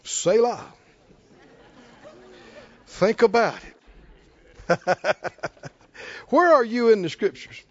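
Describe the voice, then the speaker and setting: A man's voice: high-pitched, very slow, long pauses, muffled recording. A man preaching a sermon, asking the congregation questions and chuckling often. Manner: animated call-and-response preaching, chuckling often. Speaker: pastor.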